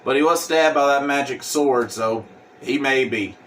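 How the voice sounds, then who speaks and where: Man, casual comic recap, halting with fillers, mic a bit far off, faint hum behind. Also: medium pitch, fairly bright tone. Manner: halting, many fillers and restarts. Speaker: comic book reviewer.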